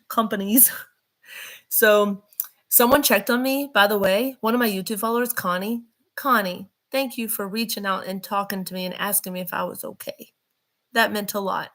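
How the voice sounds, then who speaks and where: A woman's voice: medium pitch, moderate pace, a bit bright. Chatty woman with a drawl. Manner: chatty, rambling, addresses viewers directly. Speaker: vlog host. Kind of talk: casual talk to camera.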